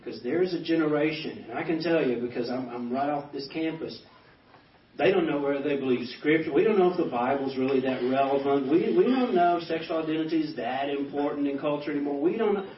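A man's voice: on the high side, a little fast, slight background noise. Fifty-ish guy pastor telling stories, acts out the dialogue, kinda far from the mic. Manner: animated storyteller acting out quoted dialogue. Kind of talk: personal testimony speech. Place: banquet hall. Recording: echoey hall, distant dull mic.

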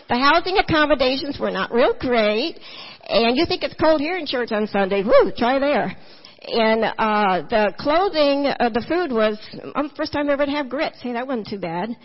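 A middle-aged woman giving a church testimony, storytelling with animated quotes and frequent laughter. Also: high-pitched, normal speed. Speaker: guest speaker giving a testimony. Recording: muffled lo-fi church recording.

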